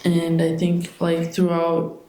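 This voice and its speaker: A woman's voice: lowish voice, monotone, takes it slowly, mellow, slight background noise. A young woman at a retreat asking a question into a handheld microphone, hesitant and searching for words with many fillers and restarts. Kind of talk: question at a monastery Q&A. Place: meditation hall at a retreat. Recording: echoey hall.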